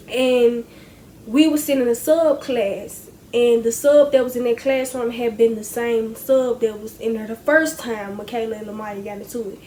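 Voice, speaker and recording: A young woman telling a story from her school days to her viewers in a casual, animated way, often calling them y'all. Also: a little high, slight background noise. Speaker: storytime vlogger.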